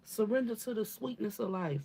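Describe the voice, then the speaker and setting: This woman's voice sits on the high side yet sounds gravelly, husky and dark, with lively intonation and a fairly quick pace. Giving a channeled spiritual reading, she's blunt and casual, swearing, addressing listeners as "baby," repeating emphatically and often asking "okay?"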